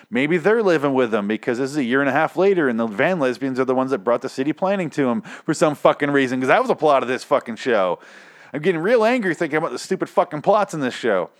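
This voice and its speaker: A man hosting a casual show, rambling and swearing with exasperation, his voice hoarse and nearly shot. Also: medium pitch. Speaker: podcast host. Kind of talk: casual rant about a TV show.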